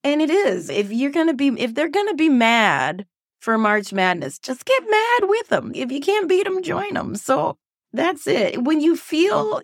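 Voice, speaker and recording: A woman, a former teacher, hosting a casual reflective podcast monologue in a playful, animated way. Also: medium pitch, no room sound, clean studio sound. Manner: playful and animated, acting out voices.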